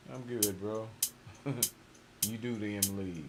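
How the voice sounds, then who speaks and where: A man producer talking casually to himself while he mixes a beat, relaxed and muttering, with louder asides to his viewers. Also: on the low side, unhurried, music in the background. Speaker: music producer streaming a mixing session. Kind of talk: casual talk-through while mixing a beat. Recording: loud background noise.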